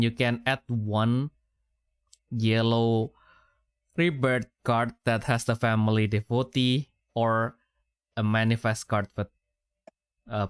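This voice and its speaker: A man co-hosting a casual gaming podcast, reading card effects out loud in a halting way, with many fillers and self-corrections. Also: fairly low pitch, smooth, no echo, clean studio sound. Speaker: podcast co-host.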